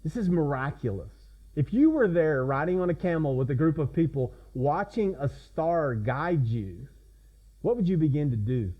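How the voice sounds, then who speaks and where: A man's voice: a little high, lively intonation, moderate pace, dull audio. A man preaching a sermon as pastor, in a conversational way that keeps asking the congregation questions.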